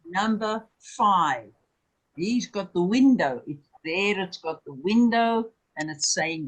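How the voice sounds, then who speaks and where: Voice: mid-range voice, expressive, low-quality recording. A Hebrew teacher giving a classroom lecture, patiently repeating each word and checking that students follow. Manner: drills words by slow repetition; patient, checks understanding with "okay?" and "remember".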